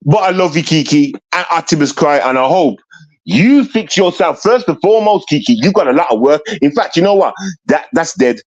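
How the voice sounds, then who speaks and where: A man's voice: fairly high pitch, expressive, moderate pace, muffled recording. A man ranting bluntly and confrontationally into the camera, repeating himself for emphasis. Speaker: vlogger. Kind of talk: ranting commentary.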